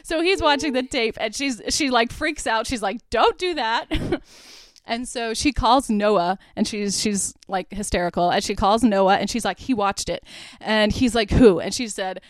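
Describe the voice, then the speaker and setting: Chatty young woman with a smooth voice. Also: fairly high pitch, moderate pace, dry recording. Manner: chatty, heavy use of "like", laughs while retelling. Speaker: podcast host. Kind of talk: casual movie recap.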